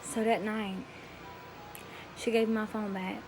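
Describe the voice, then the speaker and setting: A woman's voice: medium pitch, flat delivery, measured pace, over music, rough recording. A teenage girl casually telling a rambling, emotional story to her vlog camera, in slangy everyday speech. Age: teens. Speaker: vlogger.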